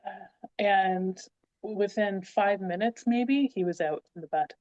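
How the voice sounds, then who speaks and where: A woman's voice: mid-range voice, slow pace, no echo, muffled recording. A woman on a podcast, telling a story in a chatty way, filling it with "like" and acting out what people said. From Canada. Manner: animated, says "like" a lot, acts out quotes. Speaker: guest. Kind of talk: casual storytelling.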